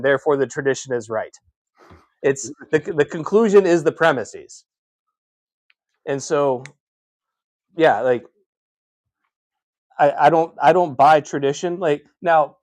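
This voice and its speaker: A man's voice: fairly high pitch, darkish tone, dry recording. A man in casual chat, arguing his point and filling his talk with "like". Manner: argumentative, fills with "like".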